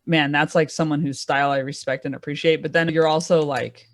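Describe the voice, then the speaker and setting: A woman's voice: low voice, fairly even intonation, fairly quick, no room sound, clean studio sound. A woman comedian talking casually on a comedy panel, rambling with lots of "like" fillers. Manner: rambling, chatty, frequent "like" fillers. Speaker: comedian guest.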